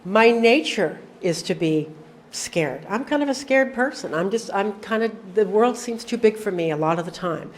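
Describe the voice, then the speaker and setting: A woman's voice: medium pitch, lively intonation, normal speed, a little hiss or hum. A middle-aged woman telling her personal recovery story to an audience, with wry, self-deprecating humor and acted-out dialogue. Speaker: recovery meeting speaker.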